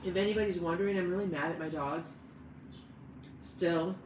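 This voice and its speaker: A woman's voice: on the low side, normal speed, roomy sound, noisy background. A woman hosting a casual live stream, rambling and talking to her dogs and her chat. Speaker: livestream host.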